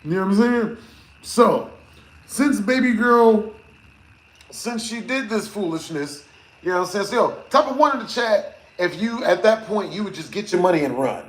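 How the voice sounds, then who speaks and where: A man live-streaming, telling a rambling story to his chat in a slangy, animated way with frequent laughs. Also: high voice, normal speed. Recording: roomy echo.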